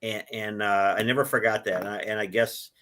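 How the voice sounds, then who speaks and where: A man in his sixties, a book author, telling his life story in an interview, with an animated delivery that swells when he is moved. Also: lowish voice, a little fast. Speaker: author guest.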